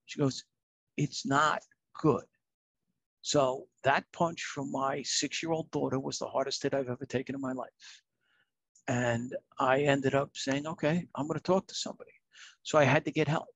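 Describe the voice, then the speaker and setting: A man's voice: medium pitch, steady tone, normal speed, creaky, a bit bright, dry recording. A middle-aged man, a retired fire captain telling his own story in a candid, earnest, plain-spoken way.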